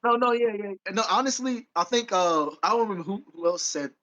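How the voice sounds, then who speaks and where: A man's voice: high-pitched, fairly quick, pushed and bright, highs cut off. A man co-hosting a podcast in casual chat, rambling and correcting himself as he goes, with frequent laughs. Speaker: podcast co-host.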